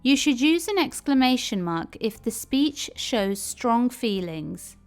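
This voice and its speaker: Female teacher, scripted lesson, careful and unhurried delivery. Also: on the high side, very animated, soft background music. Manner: clear, careful explanation. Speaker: English teacher.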